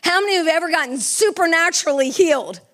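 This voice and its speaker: A woman's voice: very high-pitched, expressive, quick pace. A middle-aged woman preaching a sermon with fervor, asking the congregation questions. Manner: fervent, asks the congregation questions.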